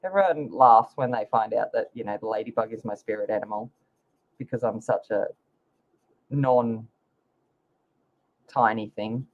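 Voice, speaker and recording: A woman's voice: extremely low pitch, normal speed, pauses often. A woman hosting a casual livestream, chatting with viewers by name while she colors. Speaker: livestream host. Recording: slightly dull lo-fi sound.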